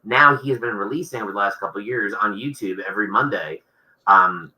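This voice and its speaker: A man's voice: on the low side, brisk, bright, forceful tone, rough recording. A man, an author being interviewed, talking casually and rambling with many restarts.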